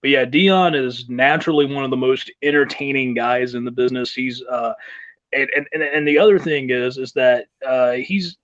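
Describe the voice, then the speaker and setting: Rambling storytelling wrestler, muffled sound. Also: male voice, medium pitch, normal speed, a bit bright. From South Carolina, US. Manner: rambling anecdotes with fillers and laughter. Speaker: wrestler and guest. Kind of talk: interview storytelling.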